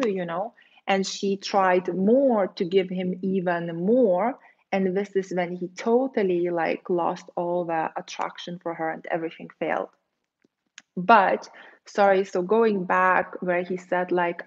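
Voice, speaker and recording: A woman dating coach talking casually on a livestream, chatty and quick, acting out the voices she quotes. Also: lowish voice, lo-fi sound. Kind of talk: casual livestream advice, reading viewer comments.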